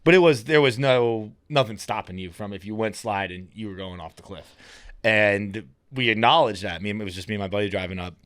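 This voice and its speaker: Low-voiced man from Massachusetts, dry close sound. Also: brisk, fairly bright tone, no echo. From Fall River, Massachusetts. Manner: rambling storyteller, laughs at himself. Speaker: podcast guest. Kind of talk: casual chat.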